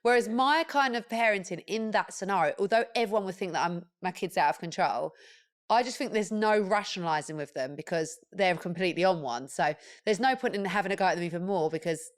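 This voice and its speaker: A woman hosting a podcast, chatting frankly and asking parenting questions. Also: medium pitch. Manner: chatty, frank, quick to laugh. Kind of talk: casual podcast chat.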